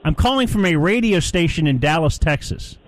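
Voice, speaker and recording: A man's voice: fairly high pitch, animated, a little fast, dry recording. A man hosting live sports talk radio, chatty and playful, rambling with asides.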